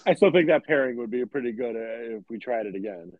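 An easygoing man on a podcast reacts quickly and laughs often. His voice rises and falls a lot as he talks. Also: medium pitch, lively intonation, no room sound, phone-quality sound. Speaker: podcast co-host. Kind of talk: casual podcast banter.

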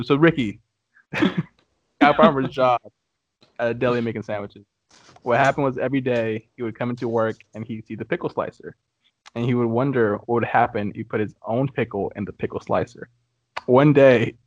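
A man hosting a podcast, reading out dirty jokes in a relaxed, chatty way and chuckling as he goes. The sound is dry and close, a little muffled and lo-fi. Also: medium pitch, no room sound. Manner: laughs through his own punchlines. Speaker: podcast host. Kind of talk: casual podcast chat, telling jokes.

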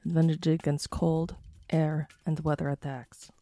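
A woman playing a tabletop game, giving quick, matter-of-fact replies. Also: low voice, little pitch movement, dark tone. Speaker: player. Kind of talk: casual game talk.

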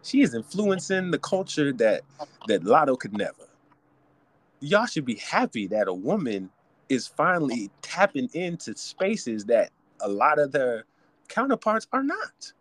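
A man's voice: mid-range voice, very animated, a little slow, a bit bright, no echo. A man hosting a podcast alone, ranting theatrically about hip hop culture. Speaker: podcast host. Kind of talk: solo podcast rant.

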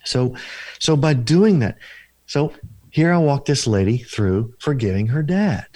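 A man's voice: mid-range voice, animated, a little slow, dark tone, no room sound. A man, a deliverance minister and counselor, telling stories in an interview in an earnest, repetitive preaching cadence. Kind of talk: interview storytelling.

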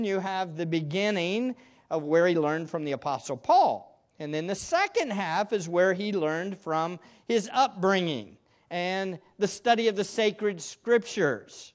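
A male pastor preaching a sermon to a congregation, stressing words emphatically and then dropping into soft asides. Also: high-pitched, lively intonation, slow. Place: church room with a congregation.

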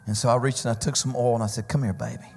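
A man preaching a Pentecostal sermon, telling testimony stories that build to shouting, sing-song peaks. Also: mid-range voice, fairly even intonation, racing. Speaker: visiting preacher. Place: church sanctuary. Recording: church hall reverb with keyboard music.

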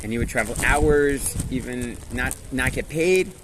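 A man's voice: medium pitch, measured pace, background noise. Casual male Torah teacher outdoors. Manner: casual, checks in with listeners, sprinkles Hebrew and Yiddish words. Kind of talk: storytelling Torah class.

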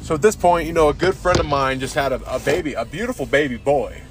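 A fast-talking man with a slightly high voice hosts a rambling podcast monologue while tipsy on beer, with background noise audible. He's profane and keeps saying "dude."

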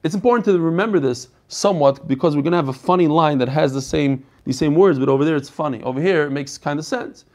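A man teaching an online Talmud class over a video call, animated and quizzing his students. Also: a little high, quick pace, hardly any pauses. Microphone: computer mic on a video call.

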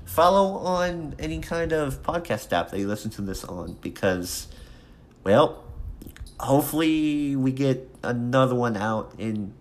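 A young man hosting his own podcast, talking alone in a rambling, halting way with many restarts and fillers. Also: medium pitch, lively intonation. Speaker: podcast host. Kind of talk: casual solo podcast monologue.

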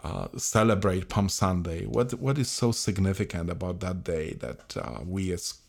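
Priest co-host, halting and hesitant, very low voice. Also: male voice, lively intonation, creaky. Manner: halting, many restarts and fillers. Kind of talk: conversational reflection.

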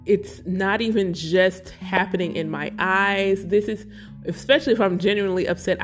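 A woman speaking slowly and emotionally about her spiritual life, close to tears at times. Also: on the low side. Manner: slow, emotional, searching, near tears. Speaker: spiritual vlogger. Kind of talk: reflective personal talk.

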